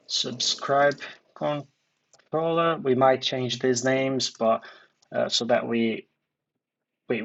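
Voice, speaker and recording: Male coding tutor, slow and halting, gravelly, muffled lo-fi sound. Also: mid-range voice. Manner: halting, many fillers and restarts, thinks aloud. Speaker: coding instructor. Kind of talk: screen-recorded coding tutorial. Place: dark room at a computer.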